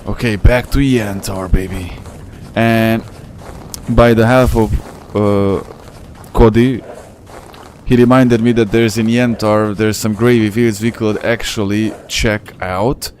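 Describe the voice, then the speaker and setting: A man's voice: lowish voice, fairly even intonation, takes it slowly, a little mellow, a little hiss or hum. A man giving casual live commentary while streaming a game, chatty and rambling, with a non-native English accent. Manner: chatty, rambling, slangy, talks to chat. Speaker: gaming streamer.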